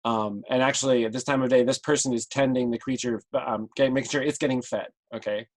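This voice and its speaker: A man narrating a tabletop game as game master, relaxed and filled with hesitations. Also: medium pitch, quick pace. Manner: relaxed, many ums, describes the scene.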